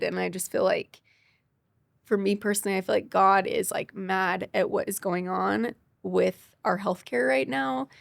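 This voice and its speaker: A woman's voice: mid-range voice, creaky, no room sound, clean studio sound. A young woman, a podcast guest, telling her cancer story with emotion and quoting people as she goes. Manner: quick, tearful retelling with quoted dialogue.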